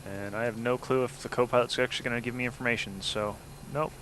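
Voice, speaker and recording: A man's voice: medium pitch, fairly even intonation, quick pace, fairly bright tone, slight background noise, poor audio. A man hosting a casual flight simulator let's-play, chatting and explaining each step as he goes. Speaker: flight sim gameplay host.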